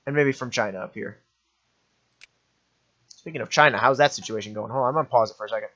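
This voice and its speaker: A man's voice: medium pitch, fast talker, a bit bright, dull audio. A young man giving offhand, rambling commentary while playing a strategy game, often correcting himself. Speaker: gaming commentator. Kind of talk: let's play commentary.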